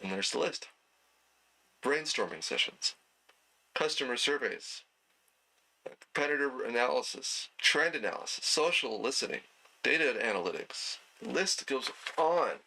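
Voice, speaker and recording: A man teaching an online night class in a relaxed, conversational way, with plenty of fillers and throat clearing. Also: mid-range voice, measured pace, long pauses, poor audio. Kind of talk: casual lecture.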